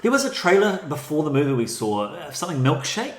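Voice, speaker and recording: A man's voice: on the high side, quick pace. Easygoing guy chatting films on a podcast, trails off a lot, echoey room. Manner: relaxed, musing, trails off mid-thought. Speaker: podcast co-host. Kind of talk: casual film discussion. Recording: roomy echo.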